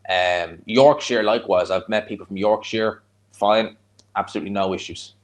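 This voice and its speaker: Reacting live to a boxing fight, a Dublin-accented Irish streamer hosting a watch-along speaks in a slightly low voice at a moderate pace. Between reactions he chats bluntly with viewers, rambling from point to point in a relaxed, conversational manner.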